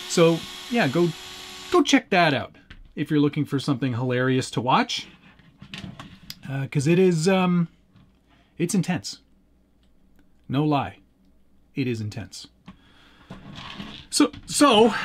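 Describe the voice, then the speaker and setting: A man's voice: fairly high pitch, a little hiss or hum. A man hosting a casual live stream, rambling and chuckling as he answers chat while working with his hands at a desk. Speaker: livestream host.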